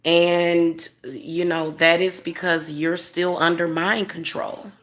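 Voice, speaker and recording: A woman's voice: fairly low pitch, little pitch movement, slow, a bit bright. A woman hosting a casual livestream as a spiritual reader, talking straight to her viewers in an emphatic, repetitive way and chuckling often.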